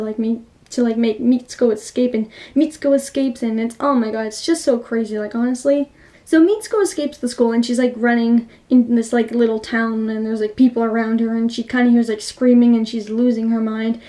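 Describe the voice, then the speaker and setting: A woman casually retelling a movie's plot for a review, excitable and rambling, with lots of 'like' fillers. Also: a little high.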